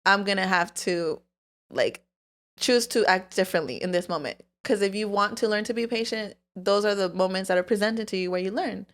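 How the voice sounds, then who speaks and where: A woman's voice: medium pitch, normal speed. A young woman co-hosting a podcast in casual chat, talking candidly with lots of swearing and filler "like"s. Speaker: podcast co-host.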